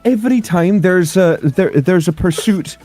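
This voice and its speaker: A man's voice: sits high, expressive, a little slow, mellow, no room sound, soft background music, voice pushed up. A man putting on a swearing Scottish grump. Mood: exasperated. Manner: exasperated, swearing.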